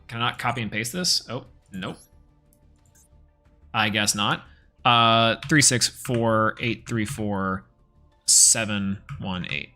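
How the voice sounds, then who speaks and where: Male streamer, bright tone, loose running commentary. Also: lowish voice, slow pace, pauses often, soft background music. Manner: casual, chatty play-by-play, thinking aloud. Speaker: game streamer. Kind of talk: live gameplay commentary.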